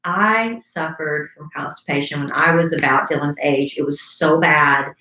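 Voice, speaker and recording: Woman, co-host, low pitch, casual chat, echoey room. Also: moderate pace, sharp tone. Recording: roomy echo.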